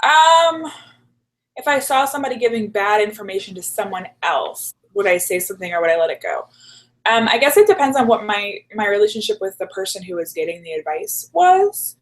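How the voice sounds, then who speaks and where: A woman's voice: medium pitch, lively intonation, brisk, poor audio. Chatty woman full of "like"s. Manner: chatty, peppered with "like" fillers. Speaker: guest. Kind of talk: casual storytelling chat.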